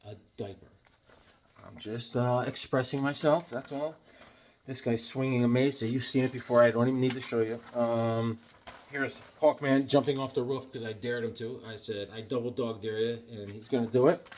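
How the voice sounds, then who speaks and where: At medium pitch and normal speed, his slightly mellow voice stays fairly even as he rambles about comics. The vlogger jokes, changes topics freely and does silly voices, over a little hiss or hum.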